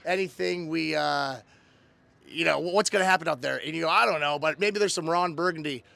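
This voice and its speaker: A man's voice: a little high, brisk, vocal fry, sharp tone, no echo. A man in his thirties hosting a casual recap show, animatedly retelling a story and acting out quotes. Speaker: host.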